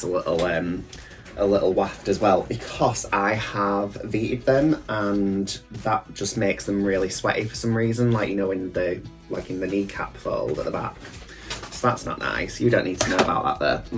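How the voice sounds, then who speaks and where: A man's voice: fairly low pitch, fairly bright tone. A man, a drag queen, chatting casually and campily with rambling asides as he reviews a TV show while getting ready at a mirror. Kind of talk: casual reaction chat.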